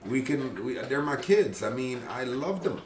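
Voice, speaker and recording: A man's voice: medium pitch, sing-song, a little mellow. A man, a father of a big family, talking earnestly about parenting, often restarting his sentences. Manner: earnest, halting with many restarts. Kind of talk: casual talk show conversation. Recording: roomy and distant with faint noise.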